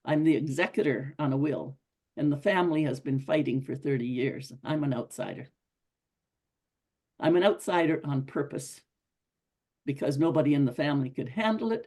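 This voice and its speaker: Husky woman giving an earnest talk. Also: extremely low pitch, fairly quick, warm tone. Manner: earnest, repetitive, conversational. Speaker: speaker at a women's club. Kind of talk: motivational talk to a group.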